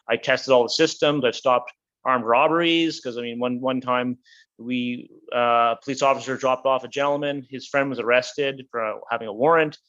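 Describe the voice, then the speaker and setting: A man from Canada talks as a guest, animated and full of restarts as he tells his stories. His voice sits at an ordinary pitch. The sound is a little dull and lo-fi. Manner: animated storyteller, many restarts. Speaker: guest, housing builder. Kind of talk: casual interview talk.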